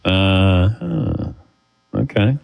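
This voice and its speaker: A man hosting a sports radio show in easy, casual banter. His voice sits low but swings widely, and he laughs often as he calls on his co-hosts. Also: expressive, very slow, vocal fry, a little mellow, clean tone, rough recording. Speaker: sports talk show host.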